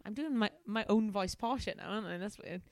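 A woman's voice: mid-range voice, fairly quick, a little mellow, no echo. A woman, a comedian reading a novel aloud, with self-mocking, giggly asides. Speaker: comedian and scientist guest.

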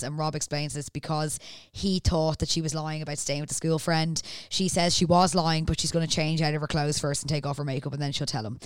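A woman's voice: deep voice, steady tone, fairly quick, few pauses, clean tone, no room sound, studio quality. A woman, a podcast co-host, chattily recapping a TV episode in casual conversation. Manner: chatty, recaps plot at length with acted-out quotes. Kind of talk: casual chat.

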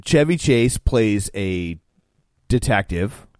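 Low-voiced joking male co-host. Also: expressive, slow pace, darkish tone, no echo, studio quality. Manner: joking, tells the plot. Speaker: podcast co-host. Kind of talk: casual chat.

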